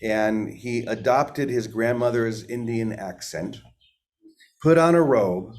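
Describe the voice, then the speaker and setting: A man's voice: medium pitch, takes it slowly, darkish tone. A man hosting an informal spiritual talk in a conversational way. He asks his listeners questions and often repeats words as he thinks aloud. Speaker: spiritual teacher and host.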